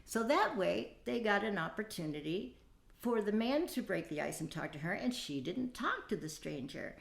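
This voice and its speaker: A woman's voice: mid-range voice, sing-song, normal speed, vocal fry. A woman in her fifties hosting a casual dating-advice talk, chatty and folksy, with many fillers and asides. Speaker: podcast host. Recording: echoey room.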